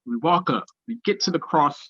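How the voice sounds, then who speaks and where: Man, storytelling talk, animated, bright forceful voice, dull lo-fi sound. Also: a little high, brisk, breathy edge, no room sound. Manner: animated, acts out quoted voices. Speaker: speaker at a spiritual gathering.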